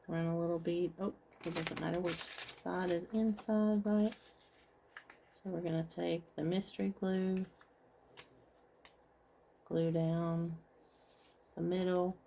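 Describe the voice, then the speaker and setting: Mellow, low-voiced woman crafting on camera. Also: gravelly, a little hiss or hum. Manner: chatty, talks through each step to viewers. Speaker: craft vlogger. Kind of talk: casual craft tutorial chat.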